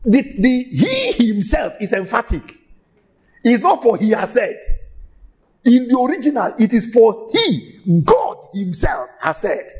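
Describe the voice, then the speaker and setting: A male preacher with a high voice that rises and falls widely. He delivers his sermon emphatically and stretches out key phrases. He repeats each point several times for stress. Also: wildly swooping pitch, a little slow.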